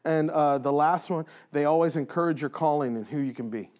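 A man's voice: on the high side, fairly quick, darkish tone. A man who leads in a church, talking earnestly and emphatically in a casual faith conversation, repeating phrases for stress. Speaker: church leader.

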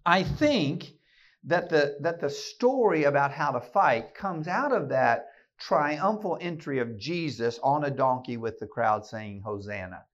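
A man's voice: on the high side, animated, a little slow, dull audio. Man preaching a fiery keynote sermon. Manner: emphatic, rallying, with many repeated word restarts. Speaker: keynote speaker and podcast host. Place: meeting room with an audience.

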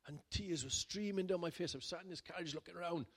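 A man, a pastor, telling a personal story in a sermon in a chatty way that builds to loud, emphatic bursts. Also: high-pitched, quick pace, breathy edge. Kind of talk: sermon testimony.

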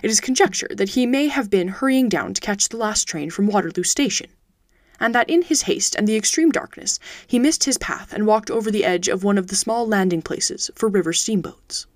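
A woman reading a classic detective story aloud as host of her audiobook podcast, steady and even. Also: mid-range voice, brisk, no echo, studio quality. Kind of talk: audiobook narration.

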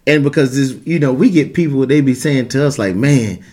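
A man co-hosting a casual podcast chat about faith and marriage, talking in an emphatic, animated way like a preacher. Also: mid-range voice, a little fast.

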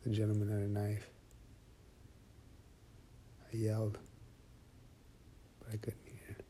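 A man narrating a first-person horror story in a slow, hushed voice that often drops to a whisper. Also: on the low side, completely flat delivery, slight background noise.

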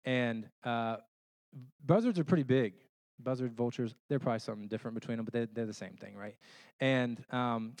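A man giving a sermon as a pastor. He tells homey stories in an animated way and keeps checking in with rhetorical questions. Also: medium pitch, normal speed, no echo. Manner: conversational, checks in with listeners through rhetorical questions; animated storytelling with homey illustrations.

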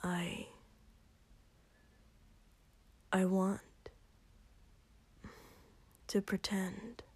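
A woman voicing a shy, earnest young man who speaks in soft, halting whispers. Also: fairly low pitch, level tone, no echo. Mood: hesitant.

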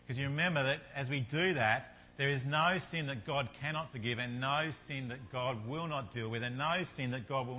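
A man's voice: mid-range voice, normal speed, hardly any pauses, pushed and bright. A man preaching a sermon in an earnest manner, building to fervent repetition.

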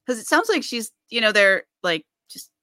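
Podcast host, woman, bright lively delivery, dry sound, chatty. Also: fairly high pitch, normal speed, dry recording. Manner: chatty, full of "like". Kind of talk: casual interview chat.

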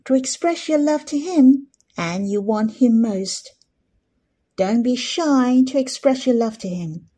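Slow, soft-voiced woman teaching devotions. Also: fairly high pitch. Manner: gentle, leads listeners through spoken prayer.

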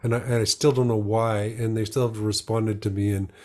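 A man hosting a conversational podcast interview, talking in a casual, halting way with many fillers. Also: lowish voice, flat delivery, a little mellow. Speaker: podcast host.

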